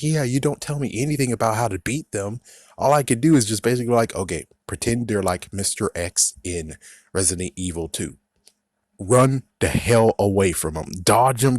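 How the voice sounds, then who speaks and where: A man's voice: on the low side, lively intonation, moderate pace, no echo, studio quality. A young man in a profane, angry rant reviewing a video game, mocking its designers in put-on voices. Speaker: gaming vlogger.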